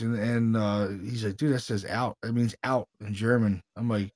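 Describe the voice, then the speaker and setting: A man co-hosting a podcast, telling a story in casual, excitable, slangy chat. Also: on the low side, normal speed, dry recording, studio quality. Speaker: paranormal investigator, podcast co-host.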